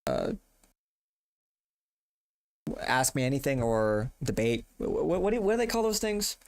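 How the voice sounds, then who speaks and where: A man's voice: mid-range voice, sing-song, a little slow, no room sound. A male streamer chatting casually with his audience, laid-back and slangy, laughing often. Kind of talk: casual live-stream chat.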